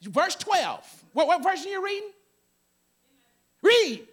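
A man's voice: very high voice, very animated, a little fast, fairly bright tone. A man preaching a sermon to a congregation, calling out to them and joking in asides. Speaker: pastor. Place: church sanctuary.

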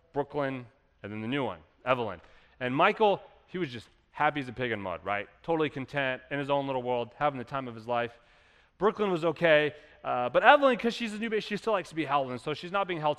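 A man's voice: sits high, fairly bright tone. A man in his thirties, a pastor preaching a sermon in a conversational way that builds to emphatic peaks. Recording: long reverb of a church hall.

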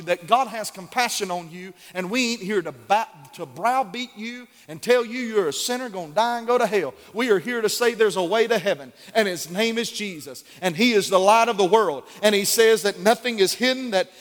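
A very high-pitched male pastor preaching a sermon, repeating key lines and answering his own questions. He builds to shouts, and his voice rings through a hall with a long reverb.

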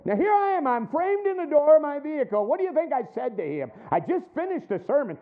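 A middle-aged man preaching a sermon, telling a story with acted-out voices and dropping low and quiet for his points. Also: sing-song, fast talker, few pauses. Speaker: pastor. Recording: tinny phone-like sound.

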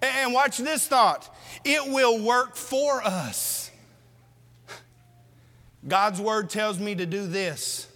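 Male preacher, very high, bright, forceful voice, lively exhortation, long hall echo. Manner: animated, exhorting the congregation with rhetorical questions. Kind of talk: sermon.

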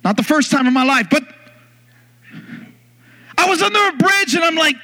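Bright animated male preacher. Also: very high voice, normal speed, pauses often. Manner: animated storyteller, bursts into loud yelling in acted scenes. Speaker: pastor. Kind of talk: sermon with storytelling. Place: church.

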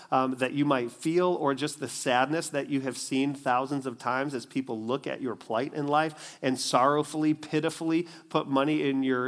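Brief: animated male preacher, fairly high voice, storytelling sermon. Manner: animated storytelling, acts out the scenes. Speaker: pastor.

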